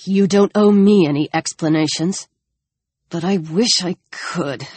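A woman's voice: medium pitch, animated, no room sound. An audiobook's tormented young man, pleading in strained, broken phrases, as a woman reads him. The voice sits close and dry, with no room around it. He stops and restarts as feeling chokes him. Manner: strained, halting.

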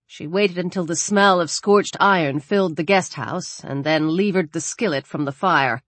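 A woman's voice: lowish voice, no echo. Woman narrating a horror audiobook. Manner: measured, dramatic reading.

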